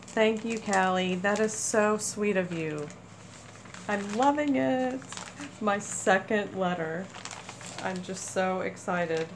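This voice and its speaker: A woman hosting a casual crafting haul video, gushing with excitement over small items. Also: lowish voice, a little hiss or hum, poor audio. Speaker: crafting channel host. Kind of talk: casual haul chat to camera.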